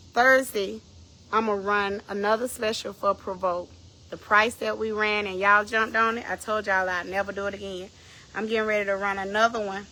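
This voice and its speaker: A woman minister giving a livestream talk from home, emphatic, repeating her phrases and bursting into shouts. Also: medium pitch, slight background noise, poor audio. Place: in bed at home at night.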